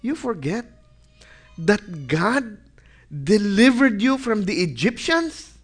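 A man preaches in a high, lifted voice. He reads scripture aloud with growing emphasis, then turns and asks his listeners questions that he answers himself. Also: sing-song, takes it slowly, faint music behind. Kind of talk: sermon with scripture reading.

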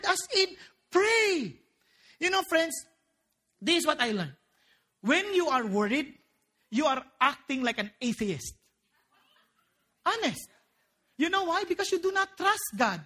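Woman preacher: high, bright voice, lively and playful from the pulpit. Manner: animated and joking, mixing in local phrases. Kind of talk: sermon.

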